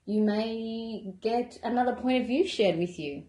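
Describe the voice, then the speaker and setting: A woman wellness coach giving a calm, gentle self-help talk in a conversational way. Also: a little high, unhurried. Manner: calm, gentle, conversational, with many "you know" asides. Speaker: wellness coach running a membership program. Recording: echoey room.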